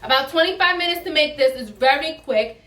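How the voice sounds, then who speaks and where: A woman's voice: high voice, a little fast, a bit bright, recorded from a distance. A woman co-hosting a home cooking video, chatty and teasing, needling her partner. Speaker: cooking show co-host. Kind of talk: casual banter. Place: home kitchen. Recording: roomy room from afar.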